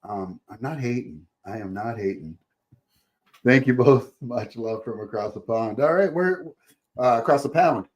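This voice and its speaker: A man's voice: medium pitch, animated, a little slow. A man hosting a podcast in casual chat, joking, rambling and laughing often. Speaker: podcast host.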